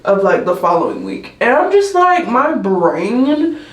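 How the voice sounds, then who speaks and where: A woman's voice: mid-range voice, sing-song, a little slow. A woman, chatting in a rambling vlog style, full of "like" and "um". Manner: rambling, heavy use of "like" and "um". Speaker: nursing student vlogger. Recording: echoey room.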